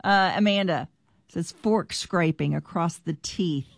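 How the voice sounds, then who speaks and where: A woman's voice: fairly low pitch, measured pace, creaky. A middle-aged woman co-hosting a radio show in casual banter, laughing often as she reads out listener messages.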